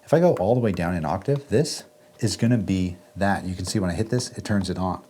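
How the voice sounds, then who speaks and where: A man hosting a casual music gear walkthrough, relaxed and chatty, often checking in with "right?". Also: low-pitched, fairly quick. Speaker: music gear video host. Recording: faint synth music underneath.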